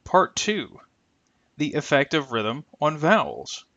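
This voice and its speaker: Lively-voiced man teaching pronunciation. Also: fairly high pitch, no room sound, highs cut off. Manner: careful, deliberate, stretches example sounds. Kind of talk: scripted instructional narration.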